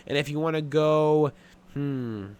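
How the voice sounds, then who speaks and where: A man's voice: fairly high pitch, takes it slowly, darkish tone, smooth. A young man hosting a sports betting show, running through his picks in a blunt, casual way with plenty of swearing and filler words. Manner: blunt, profane, offhand with many fillers. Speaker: sports betting podcast host.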